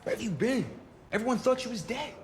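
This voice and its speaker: A man's voice: very high voice, animated, fast, breathy edge, full character voice. An actor playing a grim, vengeful man in terse, threatening film dialogue.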